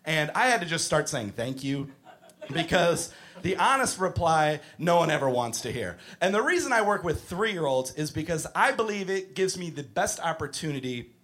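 Animated, profane stand-up comedian man. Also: fairly high pitch, normal speed. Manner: animated, profane, exasperated ranting.

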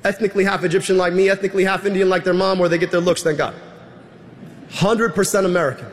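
A man with a high voice giving a fast, emotional political speech. His words echo with the long reverb of a hall. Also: steady tone.

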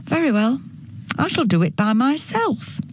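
A woman's voice: fairly high pitch, sing-song, unhurried, a little hiss or hum, pitched above the performer's own voice. A woman voicing a hardworking little hen who keeps politely asking for help in a storybook reading. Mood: pleading. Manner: pleading, polite, then firm.

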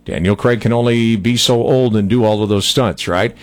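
A man's voice: moderate pace, dry recording. A man hosting a radio show, chatting casually and joking between segments. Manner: chatty, joking, lively pitch swings. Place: radio studio. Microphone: studio microphone.

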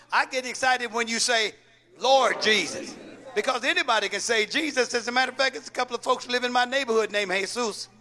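A man's voice: very high voice, bright, forceful tone. A man preaching a sermon, calling out questions for the congregation to answer and repeating key lines. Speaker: pastor. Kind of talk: call-and-response sermon.

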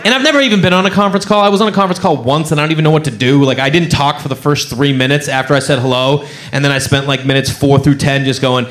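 A man's voice: on the high side, racing, hardly any pauses, a bit bright, a little hiss or hum. A man performing a stand-up comedy set, telling a story with acted-out voices and crowd work. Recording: live club with crowd laughter.

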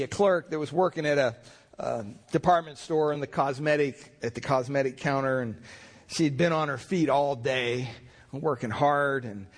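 Folksy storytelling pastor, man. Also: medium pitch. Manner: folksy storytelling with many fillers and restarts. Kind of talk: conversational sermon.

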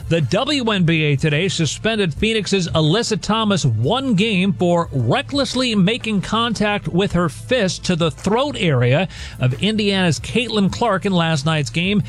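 High-voiced male sports newsreader. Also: animated, a little slow, faint music behind. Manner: crisp newsreader delivery. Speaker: sports news anchor. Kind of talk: scripted sports news update.

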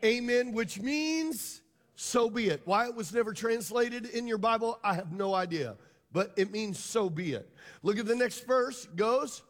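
A man's voice: high voice, long reverb tail. A pastor preaching a sermon to his congregation, emphatic and drawing them into call and response. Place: church hall.

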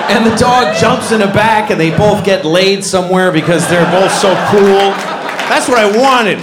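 A middle-aged man doing a stand-up comedy set, telling stories animatedly and acting out voices with loud bursts. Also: high voice, normal speed, a loud crowd. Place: live comedy stage. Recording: echoey venue with audience noise.

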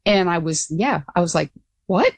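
An older woman being interviewed as a guest, telling her story in an earnest, animated way with frequent restarts. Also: on the low side, normal speed, no echo. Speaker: guest, former pilot.

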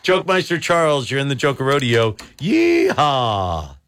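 Lively male radio host, animated delivery. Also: fairly low pitch, unhurried. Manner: laughs easily, reads jokes and trivia aloud with asides. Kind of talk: casual radio call-in chat.

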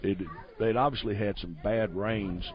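Low-voiced man telling stories. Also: steady tone, measured pace. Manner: easygoing, rambling, laughs often. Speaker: guest. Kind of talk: casual storytelling. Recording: dull lo-fi audio.

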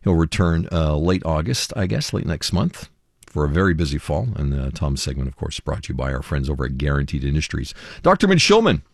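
Deep gravelly radio host. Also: male voice, brisk, no echo. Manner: chatty, lively, many fillers. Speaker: radio morning show host. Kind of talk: casual radio chat. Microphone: studio microphone.

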